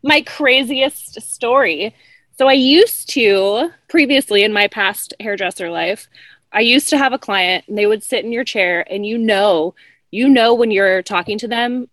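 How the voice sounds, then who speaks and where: A woman, a hairstylist guest, telling stories in casual chat, animated and laughing as she acts out quoted lines. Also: on the high side, normal speed, no room sound.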